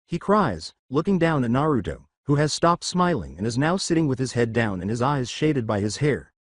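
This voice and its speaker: Male narrator, scripted story reading, lively pitch, dry close sound. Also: moderate pace, dry recording. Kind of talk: scripted fan-fiction narration.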